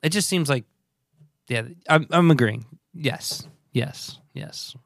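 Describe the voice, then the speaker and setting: A man's voice: mid-range voice, slow, creaky, no room sound. A man, co-hosting a podcast in casual, rambling chat, trailing off and restarting his sentences. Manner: laid-back, rambling, many restarts. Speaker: podcast co-host, touring musician.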